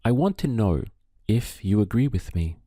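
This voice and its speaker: A male teacher guides learners through a language lesson in an unhurried, deliberate way. His voice sits low and dark, and he leaves pauses for the listener to answer. The sound is dry and close. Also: very animated, no room sound. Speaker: Spanish teacher. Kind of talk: slow spoken language lesson.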